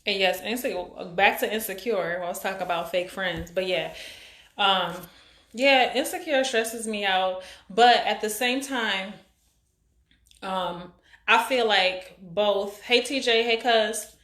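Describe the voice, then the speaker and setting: A woman's voice: medium pitch, a bit bright. A woman of about forty hosting a live stream, chatting casually and rambling with lots of fillers as she greets viewers. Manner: rambling, halting, many fillers. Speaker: live-stream show host. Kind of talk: casual chat reading viewer comments. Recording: echoey room.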